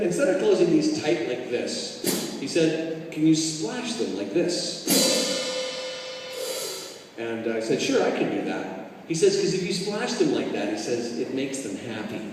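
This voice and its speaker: A man recounting a comic story to a live audience, animated and acting out the voices and drum parts he describes. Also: mid-range voice, a little slow, noisy background. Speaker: drummer telling a story. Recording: roomy hall from far off, music behind.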